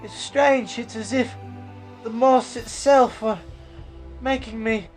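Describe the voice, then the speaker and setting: A woman's voice: on the high side, fairly even intonation, slow pace, a little mellow, soft background music. A woman voicing a timid, whiny young boy who is a prince.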